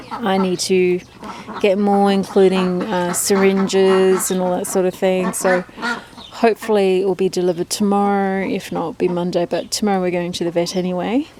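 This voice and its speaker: This duck keeper speaks in a mid-range voice with a level tone, taking her time as she talks to the camera outside. Her casual vlog chatter wanders freely, and she slips into baby talk for the ducks, with noise audible behind her.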